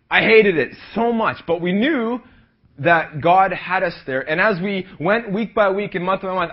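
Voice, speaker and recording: A young man from Canada preaching with a high, lively voice, calling out for amens and building to shouts. The recording is dull and lo-fi. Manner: energetic preaching, asks the crowd for amens, rises to shouts. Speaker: pastor. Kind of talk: sermon. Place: youth rally hall.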